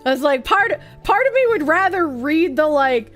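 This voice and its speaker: High-voiced crude streamer woman. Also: measured pace, a bit bright, soft background music. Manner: crude, laughing, incredulous reactions. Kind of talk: casual stream chat, reading chat messages.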